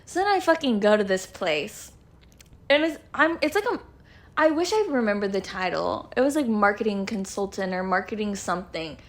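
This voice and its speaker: A woman's voice: medium pitch, expressive, normal speed. Young woman telling a profane story. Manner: profane, acts out quoted lines. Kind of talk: casual storytelling chat.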